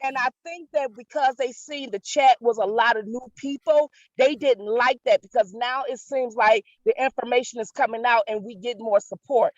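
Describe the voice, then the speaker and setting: A woman's voice: on the high side, normal speed, hardly any pauses, no echo. Female guest blogger, firm and defensive, dry muffled line. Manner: firm, defensive, explaining herself. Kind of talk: casual call-in chat.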